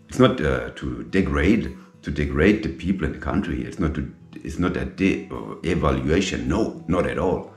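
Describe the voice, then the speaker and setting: A middle-aged man, a native German speaker, telling his own story slowly and emphatically in English, repeating himself and dropping in French military terms. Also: a bass voice, a little mellow. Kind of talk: personal storytelling monologue. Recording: echoey room with faint guitar music.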